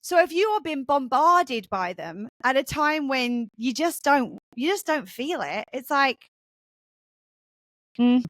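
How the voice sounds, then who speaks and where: A woman co-hosting a podcast over a remote call, talking in a casual, rambling way. Her voice sits a little high and sounds close and dry, with no room around it. She tells her stories with lively animation. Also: takes it slowly, no room sound. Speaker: podcast co-host.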